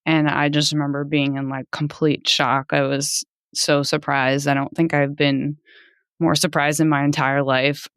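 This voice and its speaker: A woman in her thirties, a podcast guest, telling a personal story in an animated way, laughing often and jumping high when she quotes people. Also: measured pace, clear, resonant tone, dry recording, clean studio sound.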